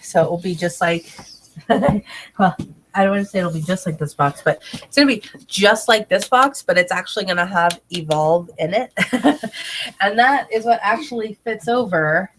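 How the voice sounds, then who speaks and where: A congested woman talks to her camera at home in a chatty, laughing way. Her voice sits at a middle pitch. She breaks off now and then to speak to her child. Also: normal speed, a little hiss or hum. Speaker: direct sales consultant. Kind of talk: casual video tutorial. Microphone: camera mic, talking to camera.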